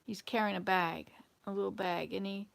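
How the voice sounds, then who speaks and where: A woman's voice: medium pitch, steady tone, moderate pace, creaky. A woman from the Southern United States hosting, telling a story in a casual, rambling, digressive way. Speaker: host.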